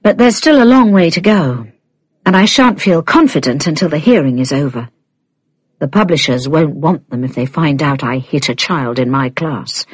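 A woman reading an audiobook, playing a troubled adult man in a low, subdued, measured voice. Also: expressive, husky, no echo, clean studio sound. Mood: quiet.

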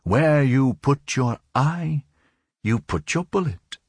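A man reading an audiobook, voicing a sad, knowing woman who tells fortunes, speaking softly and slowly. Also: medium pitch, expressive, slightly rough, no room sound, studio quality, voice pushed up, full character voice. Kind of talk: audiobook character voice.

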